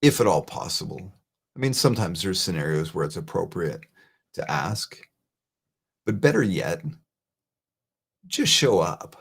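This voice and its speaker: A middle-aged man talks to his live audience in a slightly low voice, earnest and plain-spoken. He keeps circling back to the same phrases to drive them home, like an informal advice talk. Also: sing-song, unhurried, vocal fry, pauses often, slightly rough. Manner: earnest, conversational, repeats key phrases. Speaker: show host.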